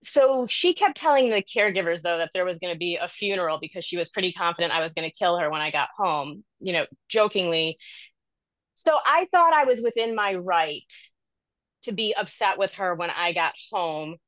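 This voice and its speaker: A woman's voice: fairly low pitch, moderate pace, dry recording. Rambling woman caregiver on a video call. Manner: rambling, self-deprecating, animated. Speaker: caregiver sharing in a support group. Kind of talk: candid personal story in a video call group.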